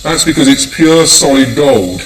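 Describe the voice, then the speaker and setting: A man giving a lively science demonstration lecture to an audience. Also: mid-range voice, unhurried, roomy sound, far from the mic, low-quality recording. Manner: enthusiastic, addresses audience volunteers.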